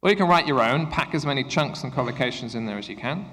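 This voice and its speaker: A man presenting an interactive workshop for English teachers, upbeat and encouraging as he gives quick instructions. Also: medium pitch, animated, fairly bright tone. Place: conference room at a university. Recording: echoey hall with long reverb.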